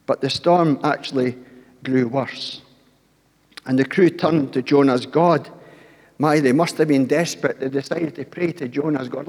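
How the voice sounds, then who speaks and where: A man's voice: medium pitch, a little slow, darkish tone, slightly rough, in a large hall. An older man preaching a sermon, telling the story with acted-out voices and asking the congregation questions.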